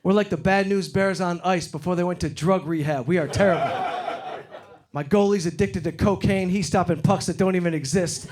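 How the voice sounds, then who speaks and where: A middle-aged man from Detroit doing a stand-up comedy set on stage, getting loud and animated when he acts out other people. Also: sits high, brisk, noisy background. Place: comedy stage before a live audience. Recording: live show with loud crowd laughter. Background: crowd laughing.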